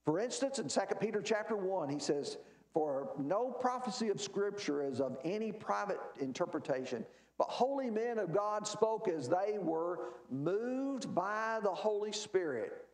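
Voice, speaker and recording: A man's voice: high-pitched, expressive, unhurried, a little mellow, echoey room. Emphatic man teaching a church Bible class. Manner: emphatic, asks and answers his own questions.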